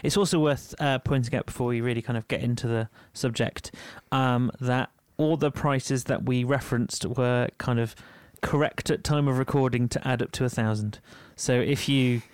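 A man's voice: mid-range voice, fairly even intonation, moderate pace, few pauses, clear, resonant tone, dry recording. A man with a Yorkshire accent co-hosting a music podcast in casual chat, full of ums and little laughs. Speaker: podcast co-host.

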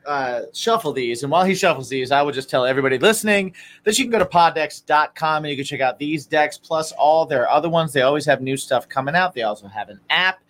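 A man's voice: on the high side, lively intonation, quick pace, hardly any pauses, fairly bright tone. A man co-hosting a podcast in casual chat, jokey and reading a sponsor spot. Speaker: podcast co-host.

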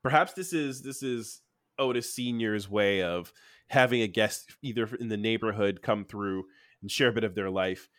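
Male podcast co-host, bright and expressive, who rambles through stories with plenty of laughs; dry, close sound. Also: lowish voice, moderate pace, no echo. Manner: animated, rambling storytelling with frequent laughs. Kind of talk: casual chat.

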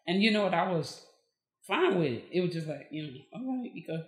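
A woman's voice: fairly low pitch, brisk, roomy sound. A woman, a podcast guest telling her story in casual conversation, acting out what people said. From Texas. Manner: lively, acts out quoted dialogue.

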